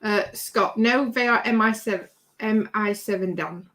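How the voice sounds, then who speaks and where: A woman's voice: mid-range voice, measured pace, fairly bright tone. A British woman hosting a casual livestream at her home craft bench, reading out viewer comments in a chatty, rambling way with easy laughter. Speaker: livestream host.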